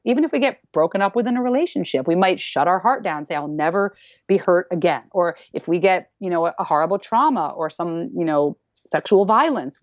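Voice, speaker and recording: In a casual podcast interview, a dance teacher speaks in a lowish woman's voice, leaning on emphasis and repeating phrases so they land, sometimes mimicking how people talk. The sound is dull, slightly lo-fi, and completely dry with no echo.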